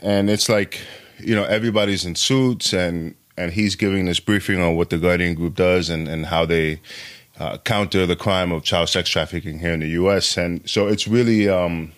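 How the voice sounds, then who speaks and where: Co-host man, very low voice, hesitant and halting delivery. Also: fairly even intonation. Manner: halting, hesitant, many ums. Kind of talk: casual podcast chat.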